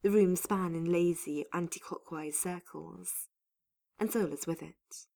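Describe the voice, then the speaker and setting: A woman narrating a fantasy story in an unhurried, even reading voice. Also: fairly low pitch, creaky. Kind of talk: audiobook narration of fan fiction.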